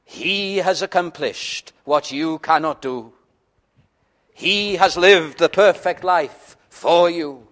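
A male preacher delivering a sermon at an unhurried, deliberate pace. His voice sits a little higher than most men's, earnest and pleading, sometimes sinking to a hushed, intimate tone. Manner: earnest, pleading, pauses and drops to a quiet intimate tone.

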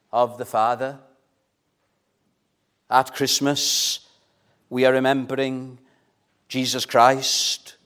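A man preaching a sermon in a church at an unhurried, deliberate pace. His delivery is earnest and measured, and he presses his points with questions to the congregation. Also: medium pitch.

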